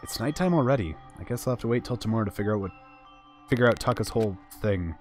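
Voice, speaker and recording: Brief: male streamer narrating a visual novel, casual and animated, soft music underneath. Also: fairly low pitch, quick pace. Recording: faint background game music.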